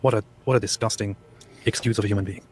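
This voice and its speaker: Quick indignant man. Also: on the low side, steady tone, darkish tone. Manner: indignant, scornful. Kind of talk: casual commentary.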